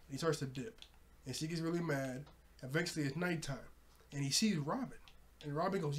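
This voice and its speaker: A young man casually recapping a cartoon episode, laughing often and jumping up in pitch when surprised. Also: fairly quick. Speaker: show reviewer.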